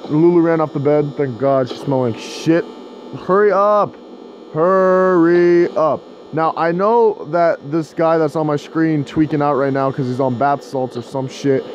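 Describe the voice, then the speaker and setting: Gamer guy, slightly high voice, profane and frustrated, casual commentary from home. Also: highs cut off, a little hiss or hum. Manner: profane, frustrated, shouting at the game. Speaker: gaming video host.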